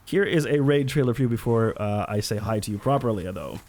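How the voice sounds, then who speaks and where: A man chatting casually as a live game streamer, excitable and giggly. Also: mid-range voice, fairly quick.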